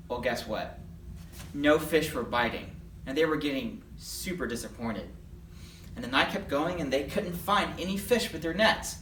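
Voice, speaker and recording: Children's Bible storyteller, lively, acting out voices, mid pitch, echoey room, mic at a distance. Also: a little hiss or hum. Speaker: children's Bible lesson leader. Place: church.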